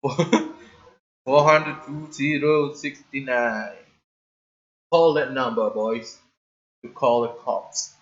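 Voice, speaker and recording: A man livestreaming a racing game, excitable, swearing often and complaining loudly at the game. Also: mid-range voice, very slow, long pauses. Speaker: streamer playing a racing game. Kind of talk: livestream gaming commentary. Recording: slightly dull lo-fi stream audio, faint game music behind.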